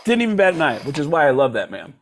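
A man's voice: a little high, quick pace. A male comedian guest telling stories in a casual podcast chat and slipping into voices as he goes. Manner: animated storyteller who slips into voices.

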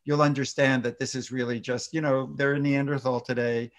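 A man, a pediatrician guest, explaining parenting advice in a lively way and acting out example conversations. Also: medium pitch, a little fast. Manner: lively, acts out example dialogue in exaggerated voices.

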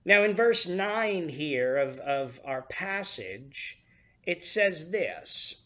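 Slow, emphatic man preaching a sermon. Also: a little high, big pitch swings, a bit bright. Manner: unhurried, emphatic stresses on key words. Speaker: pastor.

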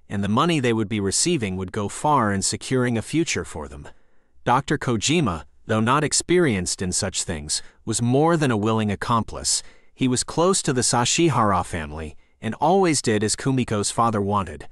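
A man narrating a scary story in a calm, measured, scripted way. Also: fairly low pitch, dry recording, studio quality.

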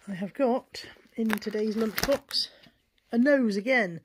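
Brief: frank, chatty British woman, mid-pitched, talking into a handheld phone at home. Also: slow, a little hiss or hum. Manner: chatty, frank, self-deprecating. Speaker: vlogger. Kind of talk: casual chat to camera. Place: at home, kitchen and bedroom.

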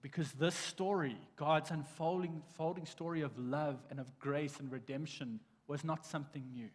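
A man preaching a sermon in a church, telling stories in a lively way with frequent restarts. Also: fairly high pitch, normal speed, breathy edge. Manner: animated storytelling with restarts. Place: church sanctuary. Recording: long church hall reverb.

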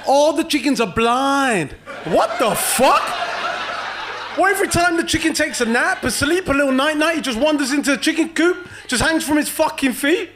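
A man's voice: very high-pitched, lively intonation, moderate pace, background noise. A man doing a brash, profane stand-up set and teasing the crowd in a comedy club.

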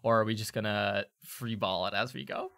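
Bright-voiced male game master. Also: fairly low pitch, fairly even intonation, normal speed, gravelly. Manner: descriptive, full of fillers. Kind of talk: narrating a tabletop game.

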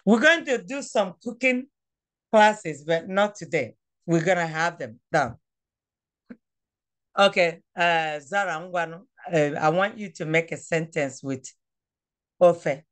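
Woman, language teacher, slow speech, lowish voice, patient, coaxing, repeats words. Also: expressive. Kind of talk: online class teaching. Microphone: phone.

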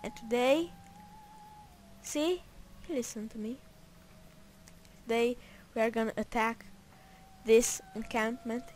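A woman chats through her gameplay at an unhurried pace, her voice sitting a little high. She is playful and rambling, tossing joking asides to herself. A clear layer of noise runs beneath her home recording. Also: a little mellow. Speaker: gameplay narrator. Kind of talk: casual gameplay commentary.

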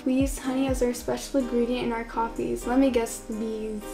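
A woman's voice: a little high, level tone, fairly quick. A young woman giving casual, confused, exclamation-filled commentary while playing a game for the first time. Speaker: gaming YouTuber. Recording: clear background music under voice. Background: background music.

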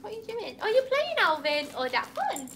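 A woman's voice: very high voice, huge pitch swings, normal speed, a bit bright, a little hiss or hum. A woman opening gifts at a cat cafe, chatting casually and cooing at the cats. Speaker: cat cafe staff member.

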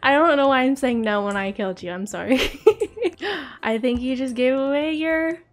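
A young woman hosting a gaming channel, narrating her play live, excitable and quick to gasp and giggle. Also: high voice. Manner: excitable, gasping and giggling often. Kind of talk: live game commentary.

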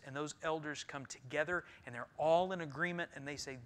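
A man preaching a sermon as pastor, rising to loud emphatic passages and dropping to quiet, earnest talk. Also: on the high side, steady tone, quick pace, hardly any pauses. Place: church sanctuary.

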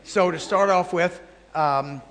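A man teaching a live audience as a traveling Bible teacher, telling animated anecdotes with jokey asides to the crowd. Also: sits high, takes it slowly. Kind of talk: storytelling sermon. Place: large hall before a live audience. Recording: long hall reverb.

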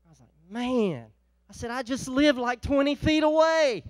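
A male pastor preaching a sermon, telling a folksy story and swinging from loud exhortation to quiet, chatty asides. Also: extremely high pitch, lively intonation, moderate pace, no room sound. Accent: Northeast Ohio.

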